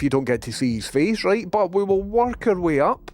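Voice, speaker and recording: A man's voice: high voice, normal speed, few pauses, faint music behind. A Scottish man hosting a casual live stream, chatting loosely, swearing freely and reading viewer messages aloud. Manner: swears freely, excitable, reads chat aloud. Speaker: livestream host.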